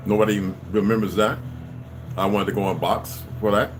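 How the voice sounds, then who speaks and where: A middle-aged man telling a rambling, profane story that turns into a loud rant. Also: lowish voice, level tone, a little fast, background noise. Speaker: channel host telling stories.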